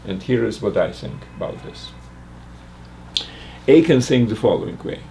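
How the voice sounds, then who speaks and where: An older man teaching math, working slowly through a logic puzzle aloud with frequent restarts. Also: mid-range voice, expressive, gravelly, warm tone, a little hiss or hum. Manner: halting, restarts and fillers while reasoning aloud. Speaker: math lecturer.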